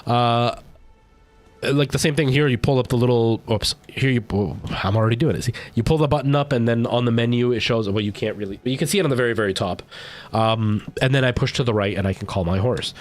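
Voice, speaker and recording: A man's voice: mid-range voice, brisk. A man streaming a game live, rambling and thinking aloud as he plays, often poking fun at himself. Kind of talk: live gameplay commentary.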